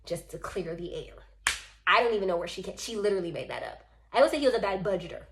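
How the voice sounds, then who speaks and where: A woman's voice: medium pitch, fast, vocal fry, background noise. A woman vlogger telling a storytime in a casual, rambling way and acting out what others said. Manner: rambling, animated retelling with acted-out quotes.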